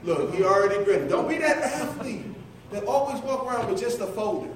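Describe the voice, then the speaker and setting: Man, middle-aged, preacher, high voice, playful teasing, roomy church echo, distant mic. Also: animated, brisk, a little hiss or hum. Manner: playful, teasing, calls on listeners by name. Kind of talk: conversational sermon. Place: church sanctuary. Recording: echoey church from far off.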